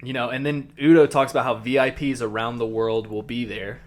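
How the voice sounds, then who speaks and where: A man's voice: mid-range voice, flat delivery, a little fast. A man co-hosting a podcast, recapping an anime episode in a rambling, casual way with lots of fillers. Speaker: podcast co-host.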